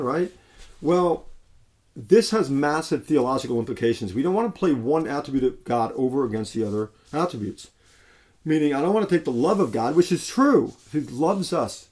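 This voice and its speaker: A man's voice: medium pitch, darkish tone. A man preaching a sermon in a conversational way, with frequent restarts and fillers.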